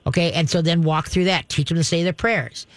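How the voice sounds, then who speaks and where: A woman's voice: lowish voice, steady tone, fairly quick, no room sound. A woman, hosting a call-in radio show and giving callers firm, chatty dog training advice. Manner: direct, instructive, chatty with laughs.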